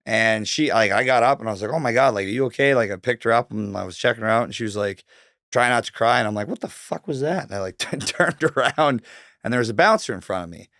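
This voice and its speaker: Man from canada, 30s, casual profane storyteller, lowish voice, dry close sound. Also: fast, a bit bright, no echo. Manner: casual and profane, many likes and ums. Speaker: guest.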